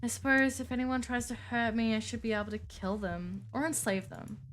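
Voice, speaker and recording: A woman voicing a lonely ancient female vampire who speaks in a haughty, archaic, calmly menacing way. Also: fairly high pitch, fairly quick, slight background noise, natural voice.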